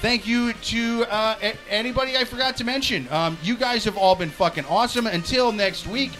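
A man's voice: high voice, normal speed, fairly bright tone, soft background music. A man co-hosting a comedy podcast, rambling crudely in casual chat and stammering through restarts. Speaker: podcast co-host.

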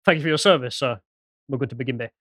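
A man co-hosting a political podcast, presenting a news item in a quick, sardonic way and reading out posts with asides. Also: medium pitch, a bit bright, no room sound, studio quality. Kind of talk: casual political podcast chat.

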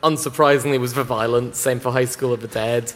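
A man's voice: mid-range voice, fairly even intonation, a little fast, fairly bright tone, a little hiss or hum. A man speaking on a convention panel, enthusiastic and rambling with many fillers. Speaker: anime distributor panelist. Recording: long hall reverb.

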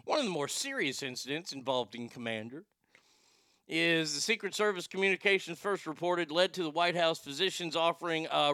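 A man's voice: sits high, sharp tone, clean tone, no room sound, clean studio sound. A man hosting a talk show, ranting in sarcastic, profane comedic commentary and ad-libbing wild stories. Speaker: podcast host.

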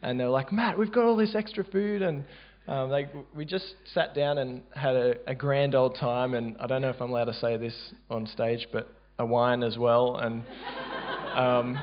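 An Australian man recounts a church testimony in a loose, halting way, restarting often and filling pauses. His voice sits at an ordinary middle pitch, and the recording sounds dull and low-fidelity. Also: flat delivery. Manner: casual, halting, many fillers and restarts. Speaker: church member sharing a testimony.

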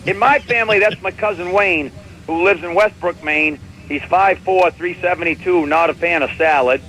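A comedian from New tells sarcastic family stories. He talks in animated bursts and keeps chuckling at his own lines. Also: high voice, moderate pace, poor audio. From New England. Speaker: comedian host. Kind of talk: comedic storytelling.

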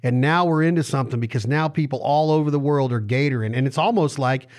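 A man's voice: mid-range voice, fast, a little mellow. A man hosting a podcast in casual chat, playful and jokey, fond of wordplay. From western US. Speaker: podcast host.

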